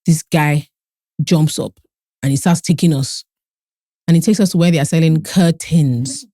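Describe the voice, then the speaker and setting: A woman co-hosting a podcast, telling a lively anecdote in casual chat. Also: sits low, moderate pace, no echo, studio quality. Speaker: podcast co-host.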